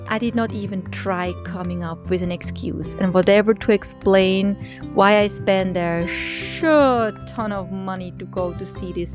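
A middle-aged woman hosting a podcast, telling a personal story expressively, laughing often and dropping to hushed whispers. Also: medium pitch. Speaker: podcast host.

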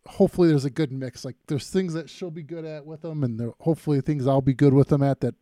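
A man hosts a podcast interview in a relaxed, joking way. His voice sits fairly high yet sounds mellow and warm. The recording is dry and close, with no room sound. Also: fast, dry recording. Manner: jokey, easygoing. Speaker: podcast host. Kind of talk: casual interview chat.

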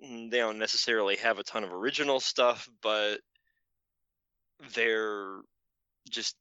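A man on a podcast panel rambles hesitantly, full of filler words. His voice is very bright and crisp, over a dry, slightly dull line. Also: fairly low pitch, steady tone, measured pace, dry recording. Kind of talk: casual podcast chat.

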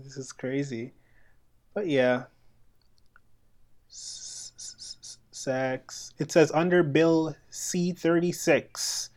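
A man's voice: a little high, a little mellow. A man co-hosting a podcast from Canada, chatting casually and animatedly, often laughing and acting out quoted voices. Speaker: podcast co-host. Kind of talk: casual chat.

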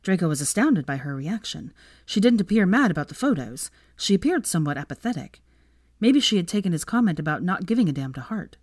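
A woman narrating a fanfiction audiobook with a steady, measured reading. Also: lowish voice, no room sound, clean studio sound. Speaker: fanfiction reader.

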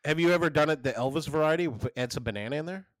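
A man in his thirties co-hosting a casual chat podcast, telling stories in a rambling, animated way with many restarts. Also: fairly high pitch, very fast, dry recording, clean studio sound. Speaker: podcast co-host.

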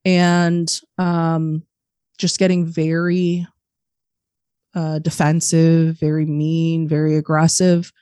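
Woman, young adult, podcast guest, blunt storytelling, acts out dialogue, slightly low pitch, dry sound. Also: completely flat delivery, slow pace, dark tone, clear, resonant tone, no room sound. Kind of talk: candid storytelling, lots of swearing.

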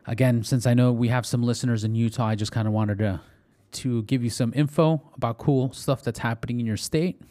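A man's voice: mid-range voice, fairly even intonation, fairly quick, warm tone. A man hosting a podcast in a casual monologue, reading articles aloud, tripping over words and correcting himself. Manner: chatty, reads articles aloud and stumbles on words. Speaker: podcast host.

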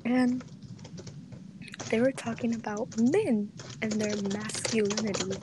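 A teenage girl chatting casually and telling a story, animated and giggly, laughing often. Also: fairly high pitch, measured pace, very noisy. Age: teens. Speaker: podcast co-host.

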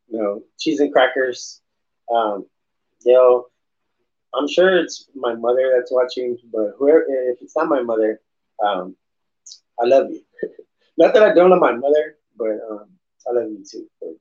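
A man's voice: mid-range voice, a little mellow. Rambling laid-back male podcast host. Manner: rambling and laid-back, peppered with slang and swearing. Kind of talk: casual morning show chat. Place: home room. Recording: dull lo-fi sound.

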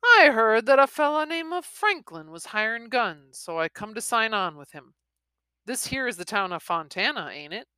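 A woman voicing a loud, rawboned male outlaw gunman in a read-aloud western, with no put-on accent. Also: a little high, sing-song, normal speed, clean tone, no echo, pitched above the performer's own voice. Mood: hearty. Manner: hearty frontier drawl in the wording, no put-on accent.

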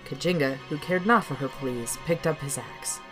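A woman's voice: low voice, normal speed, soft background music. A woman narrating her own folk tale as host of a storytelling podcast. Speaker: storyteller and author.

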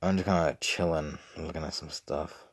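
A man's voice: extremely low pitch, level tone, normal speed, slightly rough. A young man rambling casually and profanely on a livestream, with mumbled asides. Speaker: streamer.

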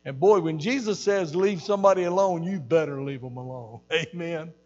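A male pastor preaching a sermon, animated, repeating phrases and swelling loud for emphasis. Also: a little high, moderate pace, big-room sound, lo-fi sound, a little hiss or hum. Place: church sanctuary.

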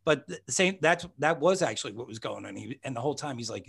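A man's voice: medium pitch, animated, quick pace, vocal fry, fairly bright tone, breathy edge. A man hosting a podcast in casual conversation with a guest. He talks in a rambling, chatty way and often restarts his sentences. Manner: rambling, self-correcting, chatty. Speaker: podcast host and psychic medium.

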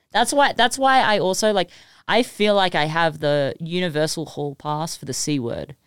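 An Australian woman tells a story in loose, casual podcast chat, tossing in laughs and fillers. Her voice is smooth and clear. The mic sound is close and dry. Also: on the low side, normal speed, no room sound. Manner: chatty, giggly, lots of fillers. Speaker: music producer, podcast guest.

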